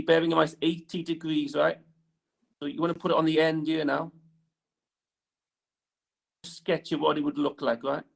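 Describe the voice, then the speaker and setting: In a classroom, a male teacher gives an engineering lesson in a fairly high voice with vocal fry. He draws on the board as he talks and keeps checking in with tag questions like "right?"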